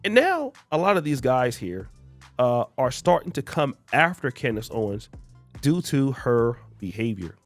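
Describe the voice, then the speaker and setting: A man narrating a commentary video, explaining the events in a lively manner. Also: mid-range voice, unhurried, faint music behind.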